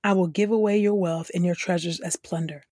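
Female scripture reader, husky mid-pitch voice, earnest, close dry studio sound. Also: fairly even intonation, a little fast, warm tone, dry recording.

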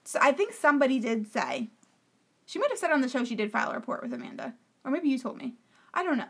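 A woman's voice: high voice, very animated, quick pace. A woman co-hosting a podcast, chatting casually and emphatically about a reality TV show. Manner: opinionated, emphatic, talks over the other host. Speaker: podcast co-host. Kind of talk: casual reality-TV recap chat.

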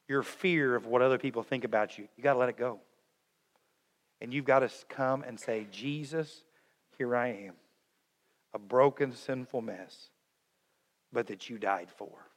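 A middle-aged man preaching a sermon, swinging between loud urging and hushed, tender lines. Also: medium pitch. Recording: long hall reverb.

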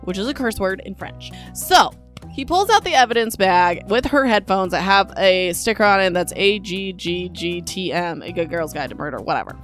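A woman's voice: medium pitch, animated, normal speed, faint music behind. A young woman hosting a casual book recap podcast, talking in a sarcastic, dismissive way with lots of "like" and "whatever.".

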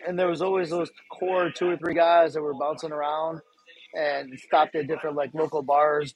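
Relaxed, rambling middle-aged male guest. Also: fairly high pitch, creaky, poor audio. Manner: rambling, relaxed storyteller with fillers. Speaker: guest, fan club organizer. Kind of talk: casual chat.

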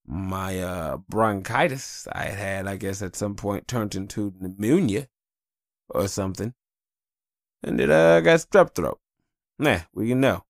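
Low-voiced man in a profane, rambling rant. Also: animated, unhurried, gravelly, dry recording, clean studio sound. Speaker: podcast host. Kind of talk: casual solo podcast rant.

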